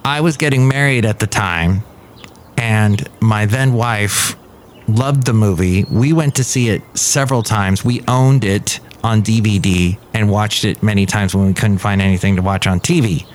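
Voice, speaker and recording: A man's voice: fairly low pitch, moderate pace, slight background noise. Chatty male podcast host, rambling. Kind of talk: casual solo podcast chat. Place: café.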